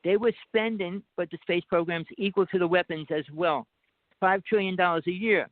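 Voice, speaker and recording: A man's voice: high voice, fairly even intonation, normal speed, dry recording. A man with a New Jersey accent, a guest talking insistently in a rambling phone conversation and pushing on over interruptions. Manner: insistent, talks over the other speaker. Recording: dry tinny phone line.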